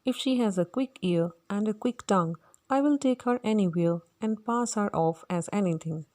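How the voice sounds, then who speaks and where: A woman reading the part of an arrogant male phonetics professor, brisk and dismissive, in a read-aloud play. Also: medium pitch, darkish tone, natural voice. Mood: lordly.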